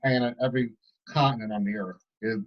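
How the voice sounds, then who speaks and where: A man's voice: medium pitch, fairly quick. A man guest speaking earnestly about his work and faith in a casual interview, over a dull lo-fi video call. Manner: earnest, faith-tinged, builds to excitement. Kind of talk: casual testimony.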